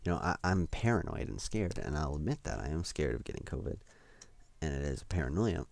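A man's voice: a bass voice, big pitch swings, brisk, gravelly, a little mellow. A young man hosting a solo podcast, rambling and self-deprecating with lots of hesitations. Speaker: podcast host.

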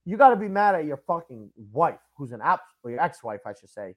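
A young man co-hosting a sports podcast, ranting in animated, profane, casual chat. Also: fairly high pitch, fairly quick. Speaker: podcast co-host.

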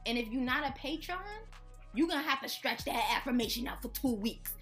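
A woman's voice: sits high, fairly quick, fairly bright tone, faint music behind. A woman hosting a podcast in casual chat, playful and joking as she reads out notes and teases her co-hosts. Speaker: podcast host.

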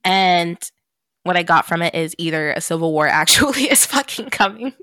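A woman's voice: lowish voice, animated, moderate pace, sharp tone, dry recording, clean studio sound. A woman hosting a podcast, chatting casually and telling a story with plenty of swearing and laughter. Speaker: podcast host. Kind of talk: casual chat.

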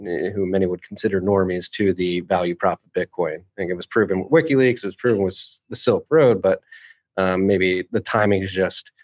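A man with a very deep voice hosting a casual podcast conversation. He speaks haltingly, with fillers and restarts. The recording is dry and close, with no room sound. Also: steady tone, dry recording. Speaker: podcast host.

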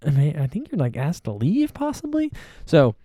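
A man's voice: fairly high pitch, huge pitch swings, moderate pace, warm tone, no room sound, clean studio sound. A man hosting a podcast, talking on his own in a chatty, playful way and joking about himself. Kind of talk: casual solo talk.

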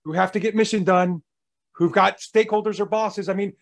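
Man, podcast host, high voice, emphatic, energetic. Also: a little fast, creaky. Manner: energetic, emphatic coaching tone, acts out quotes. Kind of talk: casual podcast conversation.

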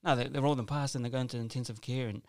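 A man's voice: medium pitch, steady tone, racing, a little mellow, dry recording. A man telling a personal story in casual conversation, rambling and earnest with lots of asides and restarts.

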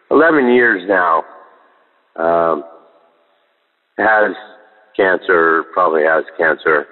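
Tearful man, very deep voice, slow halting speech, phone line with long reverb. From San Francisco Bay Area, USA. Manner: halting, hesitant. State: holding back tears. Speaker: caller. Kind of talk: phoned-in prayer request.

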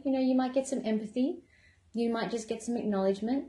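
A woman wellness coach giving a calm, gentle self-help talk in a conversational way. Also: on the high side, a little fast. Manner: calm, gentle, conversational, with many "you know" asides. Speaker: wellness coach running a membership program. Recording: echoey room.

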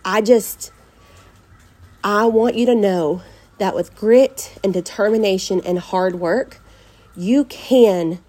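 A woman's voice: medium pitch, dark tone. A middle-aged woman, a podcast host talking earnestly and from the heart about faith to her listeners. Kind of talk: personal faith talk to listeners.

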